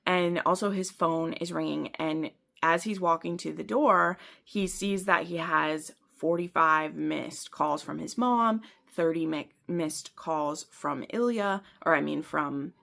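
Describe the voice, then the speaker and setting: Woman rambling about books she read, lowish voice, bit of vocal fry, lots of ums and likes. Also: a bit bright. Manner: chatty, rambling, many fillers; laughs at herself often. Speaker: book vlogger. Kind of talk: casual book review chat.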